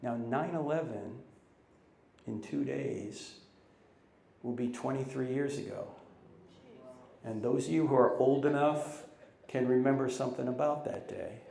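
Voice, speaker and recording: A man's voice: mid-range voice, unhurried, gravelly, long pauses, echoey room, a little hiss or hum. A man in his sixties giving a live talk to a campus audience, telling stories and acting out quotes in raised voices. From United States. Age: 60s. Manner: animated storyteller, acts out quotes in raised voices. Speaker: Christian apologetics speaker. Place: large university hall with audience.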